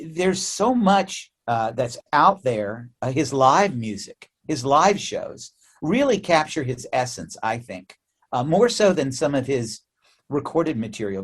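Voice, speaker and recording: An American man, a musician guest in a remote interview, telling stories in a lively, chatty way with frequent laughs and restarts. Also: mid-range voice, breathy edge. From United States. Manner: animated storyteller, laughs often, many restarts. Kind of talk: casual interview chat.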